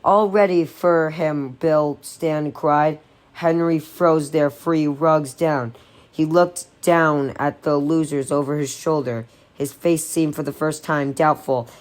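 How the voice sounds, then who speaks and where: A woman reads a novel aloud in a low-pitched voice. Her delivery is unpolished, with small slips she stops to correct. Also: steady tone, slow pace. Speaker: audiobook reader.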